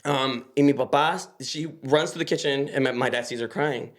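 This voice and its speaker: A young man telling stories in a casual interview, animated and laughing often, switching between English and Spanish. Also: medium pitch, normal speed. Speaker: podcast guest.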